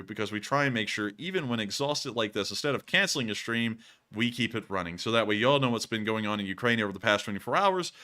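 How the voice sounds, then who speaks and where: Male livestream host, bright forward tone, exhausted, rambling with fillers. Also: lowish voice. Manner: rambling, frequent fillers and thank-yous. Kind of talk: livestream war news commentary.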